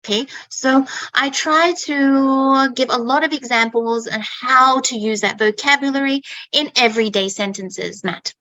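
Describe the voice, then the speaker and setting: Bright, emphatic woman teacher. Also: sits high, unhurried, few pauses, dry recording, dull audio. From Australia. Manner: emphatic, repeats herself, keeps asking "okay?". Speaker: host and English teacher. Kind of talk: casual online teaching chat.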